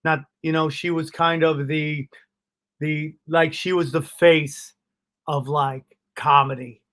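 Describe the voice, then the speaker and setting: Bright, high-voiced male comedian telling stories. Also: slow pace. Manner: animated, profane, laughs at his own stories. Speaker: comedian guest. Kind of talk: casual storytelling interview.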